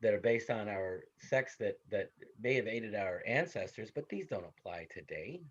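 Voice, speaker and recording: A man in his thirties or forties giving a classroom psychology lecture, animated and conversational, with stories from home. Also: lowish voice, normal speed, slightly rough, dull audio. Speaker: psychology instructor.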